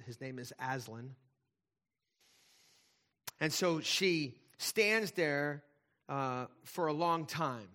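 A man's voice: medium pitch, sharp tone. A man preaching a sermon, telling a story to his listeners in an earnest, emphatic way. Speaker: pastor.

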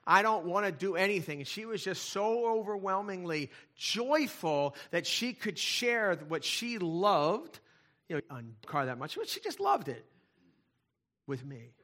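A middle-aged male pastor preaching in a conversational way, moving from hushed asides to loud, fervent passages. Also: sits high, sing-song, measured pace. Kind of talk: sermon.

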